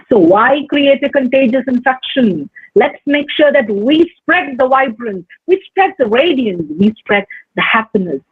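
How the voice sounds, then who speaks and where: A woman teacher educator giving a recorded lecture on life skills, speaking in a measured way with deliberate pauses and stressed words. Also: a little high, slightly rough, dry recording. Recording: dry, phone-like narrow sound.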